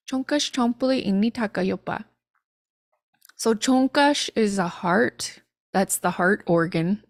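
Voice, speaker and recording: A woman's voice: medium pitch, no echo, studio quality. A woman teaching phrases in a live-streamed language lesson, chatty and laughing at literal translations.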